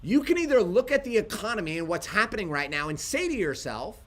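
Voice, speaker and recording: A man co-hosting a home livestream, telling a story in a casual, animated way. His voice sits high and swings widely in pitch as he acts out what he and others said. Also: a little fast. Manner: animated storytelling, quotes himself. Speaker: livestream co-host.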